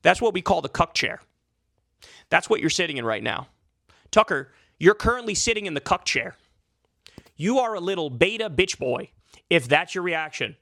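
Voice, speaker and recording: A man's voice: sits high, big pitch swings, normal speed, vocal fry, long pauses, bright, forceful tone, no echo, studio quality. A man delivering a heated, profane, sarcastic political commentary rant, full of filler likes. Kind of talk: ranting political commentary vlog.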